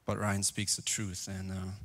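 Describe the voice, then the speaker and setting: A man's voice: low voice, completely flat delivery, moderate pace, very noisy. A man in his twenties sharing his personal testimony in church, speaking in an earnest and candid way. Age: 20s. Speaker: guest giving testimony. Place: church, live.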